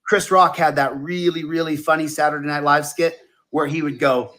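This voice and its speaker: A man's voice: fairly high pitch, fairly even intonation, moderate pace, sharp tone. A man rambling through a monologue in a played video clip, repeating himself and stumbling over his words. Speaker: online video talker.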